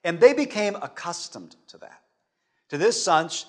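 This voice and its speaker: A male pastor preaching a sermon as animated storytelling, swinging between loud stretches and hushed ones. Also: a little high, normal speed.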